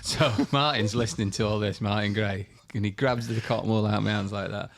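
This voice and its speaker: A man, a golfer guest telling lively anecdotes on a podcast. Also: lowish voice, brisk, creaky, slight background noise. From England. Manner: animated anecdotes, acts out voices. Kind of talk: storytelling interview.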